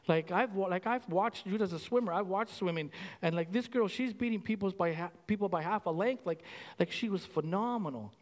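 A man from Canada preaching a casual, animated sermon to his congregation, repeating himself and saying "like" often. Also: high-pitched, brisk, big-room sound. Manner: animated, conversational, repeats phrases with many "like"s. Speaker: pastor.

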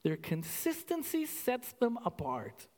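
High-voiced Canadian pastor, animated sermon. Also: male voice, takes it slowly, long reverb tail. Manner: animated, conversational, repeats phrases with many "like"s.

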